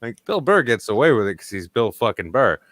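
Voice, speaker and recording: A man's voice: mid-range voice, very animated, brisk, fairly bright tone, no echo. A young man from New England vents on a podcast in a casual, profane rant full of sarcasm. His voice sits in a middle register, and the recording is close and dry, with no room sound. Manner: ranting, sarcastic, swears a lot. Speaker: podcast host.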